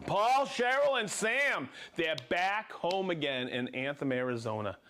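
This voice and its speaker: A man hosting a live product show, chatting energetically, joking and laughing often as he reads out viewer shout-outs. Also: high voice, expressive, a little slow. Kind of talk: lively live-stream chat reading viewer shout-outs.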